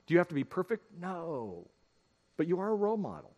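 A man's voice: high voice, lively intonation, rapid-fire, darkish tone, lo-fi sound. Middle-aged guy preaching in church, chatty storyteller vibe, voice bounces all over. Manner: folksy, storytelling, addresses the congregation directly. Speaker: pastor. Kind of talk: conversational sermon. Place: church sanctuary.

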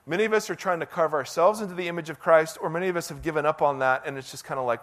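A middle-aged male pastor preaching a sermon in a conversational, self-deprecating, animated way. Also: fairly high pitch, fast, hardly any pauses.

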